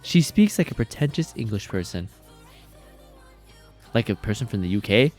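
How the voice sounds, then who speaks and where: A man's voice: fairly low pitch, lively intonation, normal speed, faint music behind. A man streaming a game, chatting casually in a rambling, jokey way and reacting to chat.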